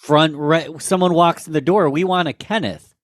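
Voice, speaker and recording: A man's voice: on the high side, normal speed, no echo. A man hosting a podcast interview who asks long, rambling questions, several at a time. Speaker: podcast host.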